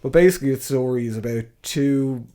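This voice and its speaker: An Irish man co-hosting a casual podcast with a voice of middling pitch. He rambles loosely through his points, backtracking and swearing often as he goes. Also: fairly quick, warm tone. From Ireland. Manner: rambling, frequent swearing and fillers. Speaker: podcast co-host. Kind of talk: casual film chat.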